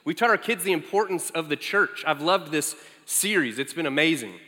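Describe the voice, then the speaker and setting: A man in his forties preaching as a guest, telling lively family stories with animated quotes of his child. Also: a little high, moderate pace. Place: large church sanctuary. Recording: echoey large hall.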